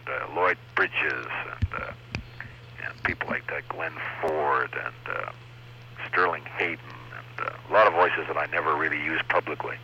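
A rumbling low, bright, forceful voice belongs to a Canadian impressionist sharing anecdotes about his early days in an interview. He chats and laughs, slipping into voices, over a lo-fi radio recording with a slight hiss or hum.

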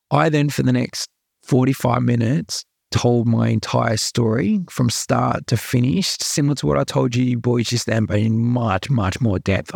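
Here a young Australian man speaks as a podcast guest, telling his life story openly and earnestly while repeating himself and leaning on "like" and "right." His medium-pitched voice is husky and darkish with vocal fry. The audio is dry and studio quality.

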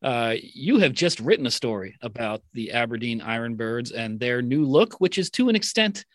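A man on a casual podcast, talking with dry, deadpan humor. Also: mid-range voice, normal speed, no room sound. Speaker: podcast regular.

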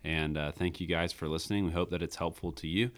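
Very deep-voiced earnest male podcast host. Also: steady tone, fast. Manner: earnest, many fillers and restarts. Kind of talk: casual faith discussion chat.

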